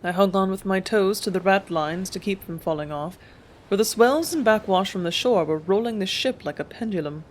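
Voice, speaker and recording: A steady audiobook narrator with an even, measured way of telling the story. The voice sits at a middle pitch and keeps a calm, unhurried reading pace.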